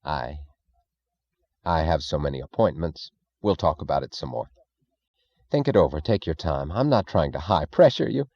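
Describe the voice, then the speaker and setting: A man's voice: very deep voice, lively intonation, normal speed, long pauses, a little mellow, no room sound, dull audio, full character voice. A man reading an audiobook, voicing a nervous, evasive male government leader who pleads and fidgets. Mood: flustered. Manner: pleading, fidgety, falsely casual.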